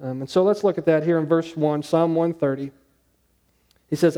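A man preaching a conversational sermon, asking his listeners questions and dropping to a hushed tone on key points. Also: on the high side, moderate pace. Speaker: pastor.

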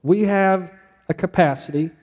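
A man's voice: high-pitched, normal speed, darkish tone, long reverb tail. A man preaching a sermon to a congregation in a conversational way, asking them questions as he goes. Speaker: pastor.

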